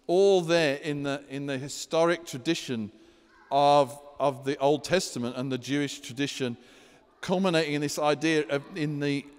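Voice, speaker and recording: A man delivers a sermon from the front of a church, animated and storytelling as he walks through scripture. His voice sits a little high for a man, and the hall around him rings with a long, lingering reverb. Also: clean tone. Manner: animated preacher, acts out scripture scenes in a high panicky voice. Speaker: pastor.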